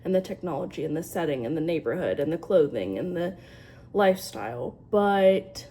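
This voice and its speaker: Chatty young woman vlogging, slightly low. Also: expressive, normal speed, dark tone, a little hiss or hum. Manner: chatty, lots of fillers and likes. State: sleepy in the morning. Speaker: booktube vlogger. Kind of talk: casual chat to camera. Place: home, later a dog park outdoors.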